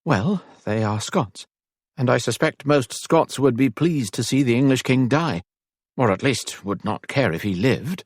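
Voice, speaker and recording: A man's voice: medium pitch, lively intonation, unhurried, slightly rough, no room sound, studio quality, pitched above the performer's own voice. A man voicing a young English noblewoman, earnest and careful, with firm, polite and proper speech.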